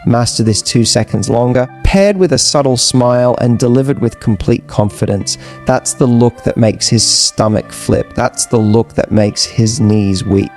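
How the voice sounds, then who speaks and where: A man giving scripted dating advice narration in a measured, persuasive way with emphatic repetition. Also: mid-range voice, darkish tone, faint music behind.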